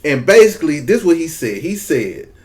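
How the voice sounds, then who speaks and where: A man, talking casually to his YouTube viewers in a relaxed, slangy way. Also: a little high, brisk. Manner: laid-back, slangy and direct. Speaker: YouTube commentator. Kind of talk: casual commentary vlog.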